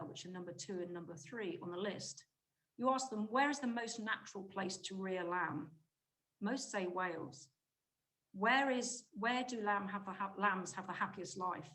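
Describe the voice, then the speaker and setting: Woman giving a brisk conference talk. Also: medium pitch, fairly bright tone, low-quality recording. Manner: brisk, emphatic, restarts mid-phrase. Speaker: conference speaker, market insight director. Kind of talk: conference presentation.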